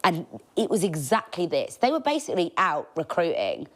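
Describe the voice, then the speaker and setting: Lively, cheeky woman. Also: lowish voice, normal speed. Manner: animated, chatty, cheeky, laughs often. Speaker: podcast host. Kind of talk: casual storytelling monologue.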